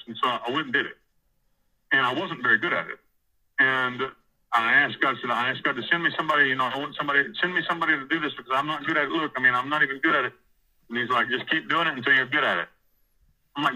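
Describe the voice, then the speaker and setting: A man's voice: mid-range voice, quick pace, pushed and bright, low-quality recording. A man in prison telling a rambling, profane story about taking over church services, often acting out what others said. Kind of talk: casual storytelling interview.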